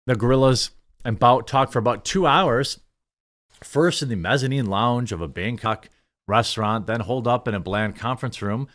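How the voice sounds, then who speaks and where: A man's voice: mid-range voice, moderate pace, fairly bright tone. A man hosting an online commentary video, reading article excerpts aloud and answering them with mocking, indignant remarks. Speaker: commentary channel host.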